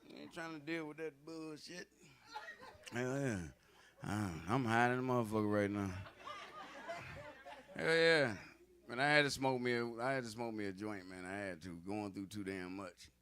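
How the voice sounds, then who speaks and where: A man doing a profane, conversational stand-up comedy set on a club stage, slipping into gruff voices for arguing old men. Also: fairly low pitch, steady tone, moderate pace, fairly bright tone. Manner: profane, loose, conversational delivery with asides to the audience.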